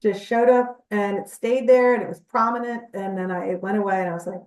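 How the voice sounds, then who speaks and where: A woman speaks as an interview guest, earnest and chatty as she explains. Her voice sits in a middle pitch. She sounds set back from the microphone in an echoey room. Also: fairly even intonation, a little fast, a little mellow, distant mic. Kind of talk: conversational interview storytelling.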